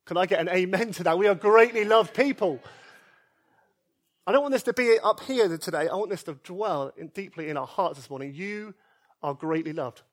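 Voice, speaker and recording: Male pastor, high voice, earnest sermon delivery, builds to loud pleas then drops soft. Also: animated, fairly quick. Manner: earnest and emphatic, repeats key phrases, swings between loud pleas and soft quiet lines. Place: church service.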